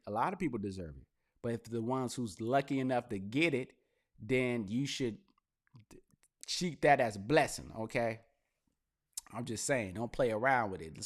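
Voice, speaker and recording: A young man hosting his own podcast, talking casually and with energy, swinging into loud, laughing mock rants. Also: medium pitch. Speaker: podcast host. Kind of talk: casual commentary monologue.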